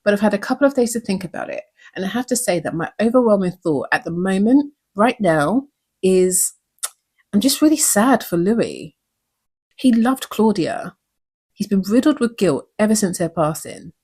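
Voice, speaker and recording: A woman's voice: mid-range voice, sing-song, moderate pace, a little mellow, husky. A woman hosting a recap show, talking in an earnest, reflective way and asking many questions. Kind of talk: recap commentary.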